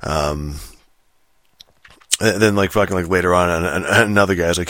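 Man, very low voice, rambling profane rant, filler-heavy, dry close recording. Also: steady tone, quick pace, fairly bright tone, no echo. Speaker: solo commentator on movies and games.

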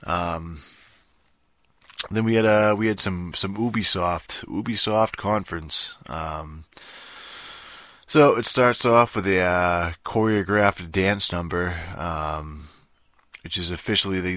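A man's voice: low voice, fairly even intonation, unhurried, fairly bright tone, no echo, clean studio sound. A man giving a rambling, sarcastic rant about video games, swearing in nearly every sentence and full of fillers. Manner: sarcastic, mocking. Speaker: gaming commentator. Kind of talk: casual ranting monologue.

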